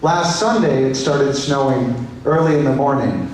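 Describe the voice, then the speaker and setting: A man speaking as a pastor at a memorial service, gentle and halting, restarting his phrases often. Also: mid-range voice, a little hiss or hum. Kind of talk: memorial eulogy. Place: large church hall. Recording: echoey church hall, voice heard from far off.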